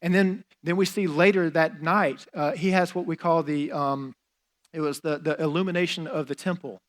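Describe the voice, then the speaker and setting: A man's voice: a little high, fairly even intonation, normal speed. A man preaching a sermon as a pastor, in a conversational style with fillers and casual asides.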